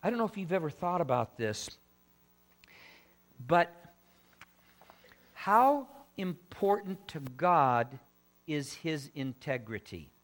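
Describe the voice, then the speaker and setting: Male preacher, slightly high voice, slow and emphatic delivery with conversational asides. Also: sing-song. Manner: slow, emphatic preaching with drawn-out scripture readings. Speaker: pastor. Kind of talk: sermon.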